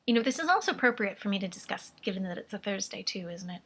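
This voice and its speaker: In a casual chat, a female vlogger rambles along, amused by herself and laughing often, with a vaguely British affected accent. She talks fast at medium pitch, with lively intonation and a fairly bright tone.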